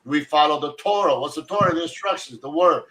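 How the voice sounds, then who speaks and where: A man's voice: a little high, brisk, pushed and bright, low-quality recording. Fervent man leading a Bible study. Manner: repeats words, fervent, restarts often. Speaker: host of a Torah study broadcast. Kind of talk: casual Bible study discussion.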